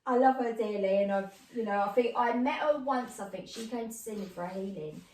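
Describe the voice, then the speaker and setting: A woman clairvoyant medium chatting as a guest, telling stories in an animated, earthy way. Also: medium pitch, brisk. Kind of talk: casual chat. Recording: roomy, distant mic with faint noise.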